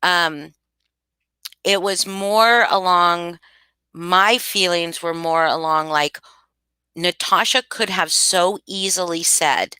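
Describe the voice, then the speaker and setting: Emphatic woman streamer, bright crisp voice. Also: on the low side, steady tone, takes it slowly, no echo. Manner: emphatic, repeats herself, frequent restarts. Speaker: livestream commentator. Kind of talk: casual commentary to live chat. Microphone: home streaming mic.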